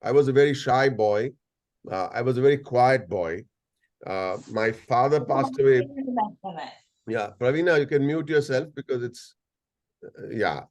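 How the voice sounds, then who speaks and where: A man's voice: mid-range voice, a little slow, long pauses, darkish tone. Indian English man, 60s, playful storyteller speaking over a video call. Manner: playful, storytelling, jokes and asides. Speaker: guest speaker. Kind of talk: anecdotal talk to a video-call audience.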